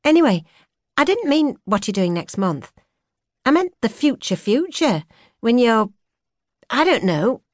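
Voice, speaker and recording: A young woman with a soft Yorkshire accent, earnest and quick to mock, as a woman narrator puts her on. She sits well above the narrator's own pitch, idealistic and sharp-tongued. The audiobook recording is close and dry. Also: sing-song, dry recording. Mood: excited. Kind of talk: audiobook character voice.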